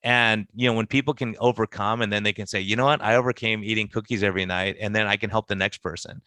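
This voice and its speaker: Guy doctor talking fast, lowish bright voice, really animated, plays out patient chats. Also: no room sound. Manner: animated, acts out patient conversations in quotes. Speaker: physician. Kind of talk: casual podcast discussion.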